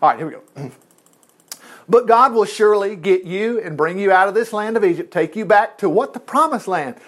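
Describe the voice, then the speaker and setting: A man's voice: high voice, lively intonation, normal speed, fairly bright tone. A man preaching a sermon, reading scripture aloud and breaking in with folksy, laughing asides and acted-out voices.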